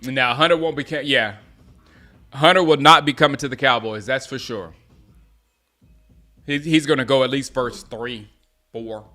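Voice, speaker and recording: A man from South Carolina hosting a live game watch-along, reacting loudly to plays and chatting with viewers by name. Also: medium pitch, moderate pace, long pauses, faint music behind. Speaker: host.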